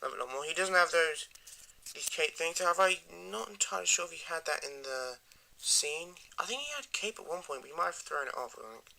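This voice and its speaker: A man giving a rambling, enthusiastic casual toy review that often trails off into quiet mumbles. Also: fairly high pitch, lively intonation, fairly quick, vocal fry, slight background noise.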